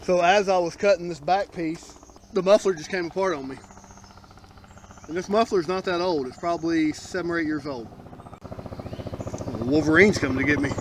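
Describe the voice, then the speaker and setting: A fairly high-pitched man talks through his own car repair out in the open. His tone is casual and blunt, with a wry, grumbling edge about other people's poor work. It sounds like a hands-on DIY vlog. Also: noisy background. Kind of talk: casual how-to narration. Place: outdoors working on a Jeep.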